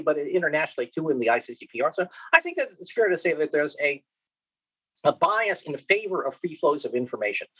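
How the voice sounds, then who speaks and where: A man with a slightly high, husky voice gives a keynote at a conference, captured on a low-quality recording. His delivery is lively and questioning, with rhetorical questions, restarts, and frequent "okay?" check-ins.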